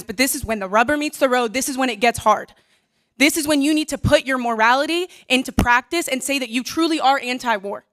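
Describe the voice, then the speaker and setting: A woman giving a forceful, pleading public comment at a city council meeting, asking rhetorical questions. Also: high-pitched.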